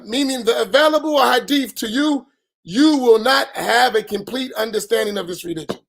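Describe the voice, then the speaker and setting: A middle-aged imam, giving an emphatic post-dawn-prayer talk full of rhetorical questions and bursts of raised voice. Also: male voice, very high voice, lively intonation, moderate pace, fairly bright tone. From United States.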